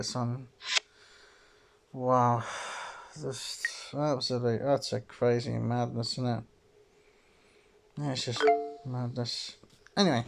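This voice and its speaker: A man's voice: mid-range voice, vocal fry, very noisy. A man commenting on a video game he is playing, reacting under his breath and hedging with lots of "sort of" and "I suppose". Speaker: gamer. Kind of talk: let's play commentary.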